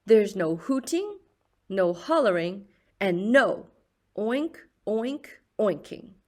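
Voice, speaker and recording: A woman reading aloud the lines of an earnest, fussy male farmer in a slow, emphatic, slightly stern way. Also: medium pitch, very animated, darkish tone. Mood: firm.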